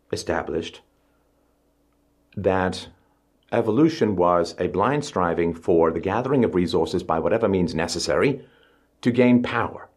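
A middle-aged man giving an emphatic public speech, pushing his pitch up on stressed words. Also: a little mellow. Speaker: speaker.

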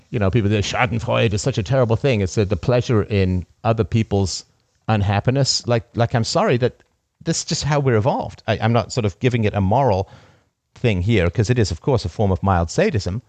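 A man's voice: on the low side, lively intonation, fairly quick, darkish tone, dry recording. A man hosting a call-in show, talking emphatically, repeating key phrases and laughing at his own stories. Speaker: podcast host. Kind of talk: call-in conversation.

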